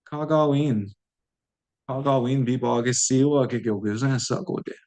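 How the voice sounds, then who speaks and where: A man's voice: medium pitch, normal speed, darkish tone. A man teaching a language lesson, saying each word aloud and repeating it patiently for learners.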